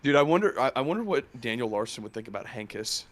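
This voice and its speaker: A man's voice: mid-range voice, sing-song, fairly bright tone. A man co-hosting a stream, trading crude jokes in casual banter and laughing easily. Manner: joking, crude, quick to laugh. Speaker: stream co-host.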